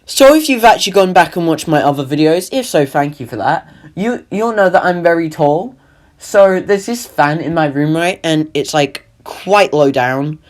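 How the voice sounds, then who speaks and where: A man's voice: on the high side, animated, moderate pace. Rambling young man. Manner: rambling, self-deprecating, casual. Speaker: animator and narrator. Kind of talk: comedic voice-over narration.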